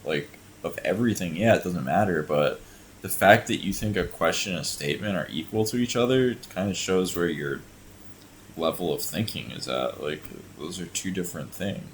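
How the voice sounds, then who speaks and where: A man's voice: low-pitched, normal speed, slight background noise. A man hosting a reaction video, exasperated and sarcastic, swearing often and sounding tired. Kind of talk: reacting to a clip with commentary.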